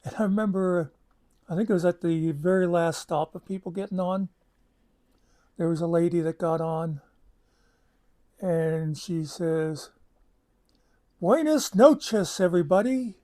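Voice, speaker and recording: Brief: male storyteller, rambling and chatty, slightly higher pitch. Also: little pitch movement, measured pace, long pauses, mellow. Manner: rambling, chatty, with many asides and fillers. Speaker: channel host. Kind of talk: casual storytelling.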